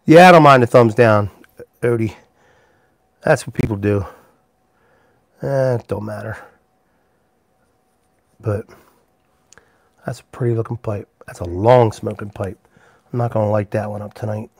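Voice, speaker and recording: A man's voice: on the low side, a little slow, creaky, long pauses, no echo. A man hosting a casual live stream from his workshop, rambling easily while he works and greeting viewers by name. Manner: rambling, easygoing, talks to chat viewers by name. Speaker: livestream host and pipe maker.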